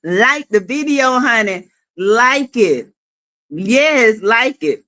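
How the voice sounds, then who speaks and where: A woman hosting a casual livestream, chatty and quick to laugh, calling her viewers y'all and honey. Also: fairly high pitch, expressive, fairly bright tone. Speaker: livestream host.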